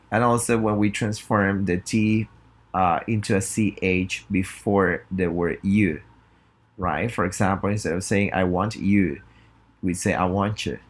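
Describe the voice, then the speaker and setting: A man with a Spanish accent teaching English pronunciation in a recorded lesson, reading example sentences slowly and clearly for students to repeat. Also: low-pitched.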